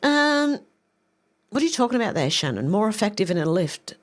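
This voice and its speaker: A woman hosting a live stream, reading viewer comments aloud and reacting with quick asides. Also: medium pitch, big pitch swings.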